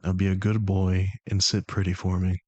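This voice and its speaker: A man putting on a seductive, deep-voiced daddy character while streaming, with a slow, teasing purr. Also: completely flat delivery, a little mellow, slightly rough, no room sound, highs cut off.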